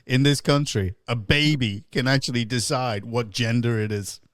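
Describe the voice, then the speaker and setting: A man's voice: mid-range voice, fairly even intonation, moderate pace, no echo, studio quality. A man hosting a casual satirical chat show, ranting and sarcastic and laughing often. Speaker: pub landlord host. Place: online show.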